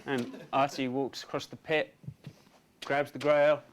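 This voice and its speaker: A man narrating a storyboard pitch, lively and full of sound effects. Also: unhurried, smooth. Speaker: story artist.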